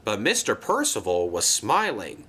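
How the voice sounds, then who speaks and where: A man narrating a children's toy-train story in an unhurried way. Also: lowish voice, wildly swooping pitch, pushed and bright, husky.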